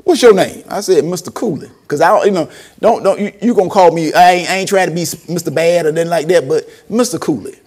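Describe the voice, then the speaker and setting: A man's voice: a little high, fast, darkish tone, slightly rough. A man preaching a storytelling sermon, acting out quotes and laughing often. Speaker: preacher and former school principal.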